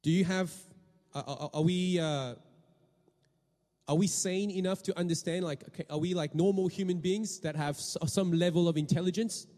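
A pastor with a fairly high yet dark-toned voice preaches at a normal speed with a steady tone. He regularly questions the congregation and has a habit of repeating words and restarting phrases, while the hall's long reverb rings out.

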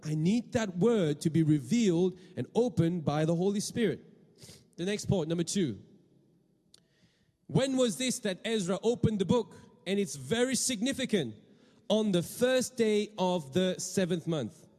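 A man's voice: sits high, lively intonation, a little slow, warm tone, long reverb tail. A man preaching a sermon to a congregation, often asking them questions and repeating words as he goes. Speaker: pastor.

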